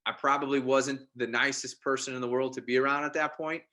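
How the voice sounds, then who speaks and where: Casual male podcast guest with a crisp, bright voice, animated storyteller who trips over words. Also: mid-range voice, fairly quick. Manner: animated, with frequent restarts and repeated words. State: married father.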